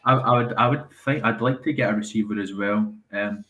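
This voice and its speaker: A man from Scotland with a Scottish accent, calling in to a live stream and talking haltingly with lots of pauses and restarts. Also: on the low side, fairly even intonation, a bit bright, slight background noise, rough recording. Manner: hesitant, many ums and restarts. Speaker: caller. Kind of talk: casual call-in chat.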